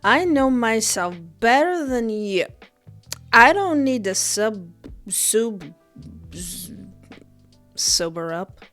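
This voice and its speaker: A woman's voice: on the high side, sing-song, slow pace, pauses often, a bit bright, faint music behind, exaggerated voice. A woman putting on a slurring drunk young woman. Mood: drunk defiant. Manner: slurred, stumbling drunk speech.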